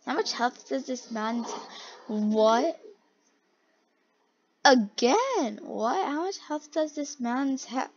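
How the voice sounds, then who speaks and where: Excitable young gamer reacting with gasps. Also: female voice, sits high, slow, long pauses, highs cut off, slight background noise. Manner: excitable, gasping, giggly. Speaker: video reactor. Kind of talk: try-not-to-laugh reaction commentary.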